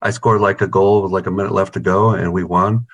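A man with a fairly low voice spins loose, rambling stories on a video call, peppering every sentence with swearing and "you know." He sounds like a band guitarist chatting casually with an interviewer rather than giving polished answers. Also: flat delivery, brisk.

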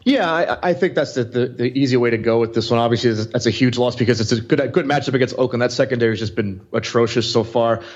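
A man co-hosts a fantasy football podcast, talking quickly and rambling, often restarting his sentences. His audio sounds a little dull and muffled. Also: mid-range voice. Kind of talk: casual sports chat.

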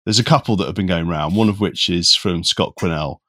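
A man's voice: low voice, brisk, no echo. A man hosting a casual podcast chat, joking and laughing often as he sets up segments. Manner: jokey, animated, laughs often. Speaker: podcast host.

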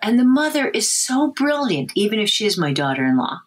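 A middle-aged woman, a language development researcher, answering interview questions in an animated way. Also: brisk, slightly rough. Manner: animated, breaks into a high sing-song baby voice for examples.

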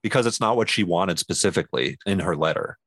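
A man's voice: deep voice, lively intonation, fast talker, fairly bright tone, breathy edge. A man co-hosting a podcast in casual comedic banter, laid-back and teasing, often laughing. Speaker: podcast co-host.

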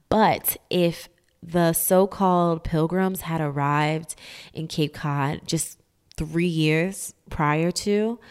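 A woman's voice: sits low, clean tone. A woman casually explaining history myths, sarcastic and emphatic, with slang and whispered asides.

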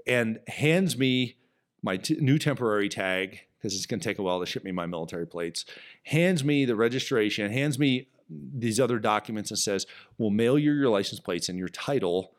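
A man hosting a business podcast, telling a story in an animated, emphatic way. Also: fairly low pitch, normal speed. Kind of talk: storytelling monologue.

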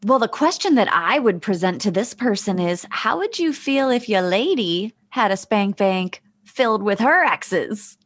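A woman's voice: medium pitch, lively intonation, unhurried, hardly any pauses, dry recording. A woman co-hosting a podcast in casual comedic chat, candid and laughing often. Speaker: podcast co-host.

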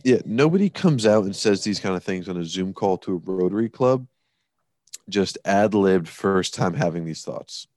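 A man's voice: low-pitched, expressive, moderate pace, darkish tone, dry recording. A man co-hosting a casual sports podcast, talking bluntly and emphatically, with swearing and dry sarcasm. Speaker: podcast co-host.

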